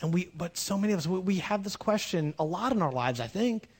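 A man preaching a conversational sermon with humorous asides, swinging between loud bursts and hushed moments. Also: sits high, expressive, a little fast, hardly any pauses, slightly rough. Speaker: pastor.

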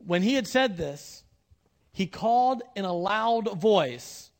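A man preaching a conversational sermon with humorous asides, swinging between loud bursts and hushed moments. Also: sits high, lively intonation, slow. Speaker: pastor.

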